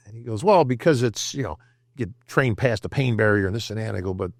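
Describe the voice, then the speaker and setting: A man's voice: lowish voice, fast talker, no room sound, studio quality. An older man from upstate New York telling casual stories as a podcast guest, acting out quotes and often asking "right?". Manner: animated, acts out quotes, says "bro" and "right?". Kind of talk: casual storytelling.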